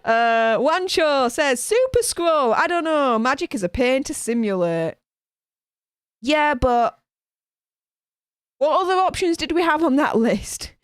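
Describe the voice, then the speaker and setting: A woman hosting a live stream, chatty and animated, reading out viewer comments with lots of fillers. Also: high voice, slow, long pauses, no echo, studio quality. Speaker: host reading live chat. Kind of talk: casual live-stream chat.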